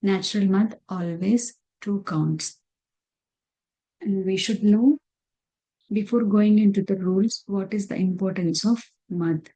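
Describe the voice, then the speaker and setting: Slow, mellow-voiced woman teaching. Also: mid-range voice, poor audio. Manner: patient, repeats terms and counts deliberately. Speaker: Quran recitation teacher. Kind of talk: slide-based lesson.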